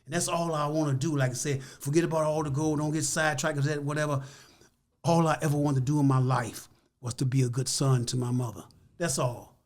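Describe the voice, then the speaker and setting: Older man, Chicago accent; emphatic, repetitive storytelling guest with a fairly high voice. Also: fairly even intonation, fairly quick. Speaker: interview guest. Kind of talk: emotional storytelling in interview.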